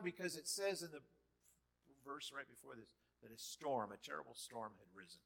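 Preacher guy in a church, kinda high voice, gets loud then drops way down, very animated. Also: moderate pace, creaky. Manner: animated, dramatic quoting with big swings in loudness. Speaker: pastor. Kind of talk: sermon.

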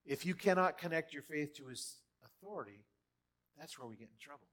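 A man with a fairly high voice preaches a sermon in a church hall. He is animated and dramatic, jumping between loud bursts and quiet asides. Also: a little fast. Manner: animated, dramatic quoting with big swings in loudness. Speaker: pastor.

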